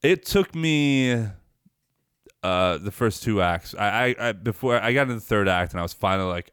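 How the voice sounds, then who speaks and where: A young man with a lowish, smooth voice, chatting on a podcast about a film. He rambles, swears freely and restarts his sentences a lot. The sound is close and dry. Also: lively intonation, moderate pace, fairly bright tone, no echo. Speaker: podcast co-host. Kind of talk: casual chat.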